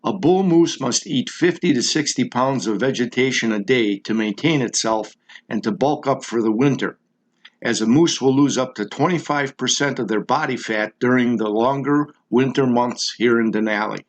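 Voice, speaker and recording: A man's voice: medium pitch, normal speed, poor audio. Man narrating a nature documentary. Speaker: show host and narrator.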